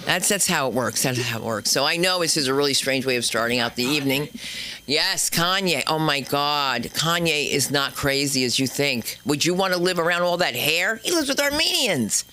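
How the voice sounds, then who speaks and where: A woman hosts a stand-up night on a comedy club stage, talking in a brash, chatty way. Her voice swoops all over, from low asides to loud high bits. The tone is bright and a little sharp. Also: lively intonation, normal speed.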